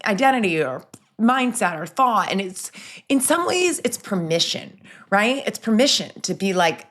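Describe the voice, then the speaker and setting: A woman's voice: medium pitch, very animated, normal speed, a bit bright. A middle-aged woman hosting a solo podcast, chatting in an upbeat, rambling way with many restarts and asides. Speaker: podcast host.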